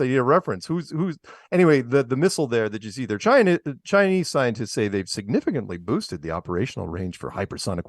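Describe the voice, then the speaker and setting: A man hosts a loose talk show, picking apart headlines with mocking, sarcastic asides. His pitch swings widely as he riffs, sitting a little above the usual male range. The sound is dry and close, with almost no room. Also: dry recording. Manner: sarcastic, mocking, laughs at his own jokes. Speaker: podcast host. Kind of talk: casual chat show commentary.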